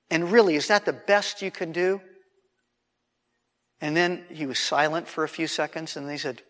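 A man, preaching as he tells a story in an animated, conversational way with frequent restarts. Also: a little high, moderate pace. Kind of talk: sermon storytelling. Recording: long hall reverb.

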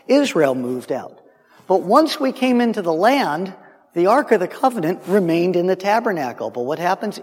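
A man with a fairly high voice tells a Bible story like a lively sermon. He talks in an animated, conversational way, full of asides and quick restarts. His voice rings out with a long hall reverb. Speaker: Bible teacher.

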